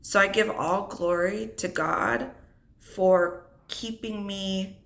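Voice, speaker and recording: Slow, tearful woman telling her story. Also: mid-range voice, fairly even intonation, gravelly. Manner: slow, reflective, holding back tears. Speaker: single mother vlogger. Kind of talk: unscripted personal story.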